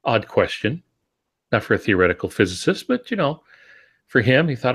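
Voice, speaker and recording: A man's voice: mid-range voice, sing-song, moderate pace, fairly bright tone, husky. A man co-hosting a podcast about writing, talking casually and thoughtfully and explaining his points with frequent ums and restarts. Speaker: podcast co-host.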